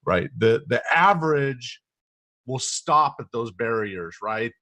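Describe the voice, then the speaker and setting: A man's voice: medium pitch, expressive, slow pace, sharp tone. A man hosting a motivational interview, talking in an earnest, coaching way and often adding "right?". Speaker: host.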